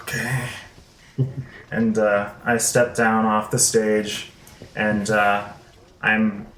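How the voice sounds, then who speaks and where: A player in a tabletop game who describes his character's moves slowly and with amusement. His voice is mid-pitched and sounds a little roomy. A faint hiss sits behind it. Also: completely flat delivery, fairly bright tone. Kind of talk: tabletop role-play.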